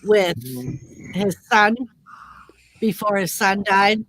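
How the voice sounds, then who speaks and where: A woman in a casual chat, relaxed and quick to laugh. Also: mid-range voice, a little hiss or hum.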